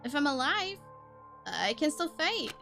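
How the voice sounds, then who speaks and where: A woman voicing a hulking, loud male team manager in a robot body, booming, hearty and boastful as she reads game dialogue aloud. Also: very animated, unhurried, creaky, music in the background, full character voice.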